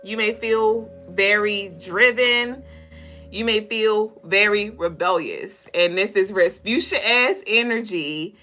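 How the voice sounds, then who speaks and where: A woman hosting a casual spiritual reading livestream, talking straight to viewers in a loose, profane, animated way. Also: medium pitch, takes it slowly, soft background music. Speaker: spiritual reader and co-host.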